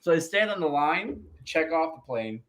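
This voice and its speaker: Swearing comedian telling a story. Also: male voice, on the high side, moderate pace. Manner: profane, animated anecdote-telling with laughs. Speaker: comedian guest. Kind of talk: storytelling in a podcast interview.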